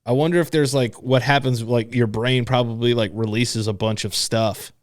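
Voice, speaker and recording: A man's voice: mid-range voice, steady tone, normal speed, no echo, clean studio sound. A man co-hosting a podcast with his father, joking loosely and leaning on a lot of filler words. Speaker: podcast co-host. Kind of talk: casual podcast banter.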